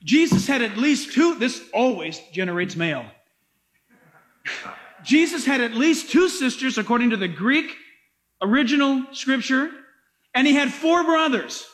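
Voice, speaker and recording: A pastor with a strikingly high male voice preaches a sermon at an unhurried pace. His delivery is animated and dramatic, pressing every point home.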